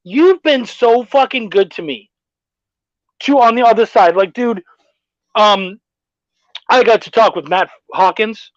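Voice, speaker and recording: A man's voice: sits high, unhurried, pauses often, dry recording. A laid-back man hosts a casual podcast chat, telling long stories with plenty of swearing. He reads viewer comments aloud. The recording is dry and a little dull. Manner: profane, storytelling, laid-back. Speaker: podcast host.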